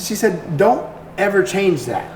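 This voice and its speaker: Raspy American man in an echoey room. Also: high-pitched, big pitch swings, moderate pace. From United States. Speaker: guest content creator. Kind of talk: casual podcast chat. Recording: echoey room with faint noise.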